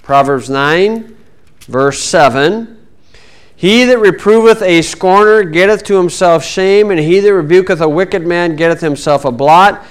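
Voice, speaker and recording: A middle-aged man teaching a Bible lesson in a folksy, wry way, reading verses slowly and then speeding up. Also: high voice, smooth. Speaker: preacher.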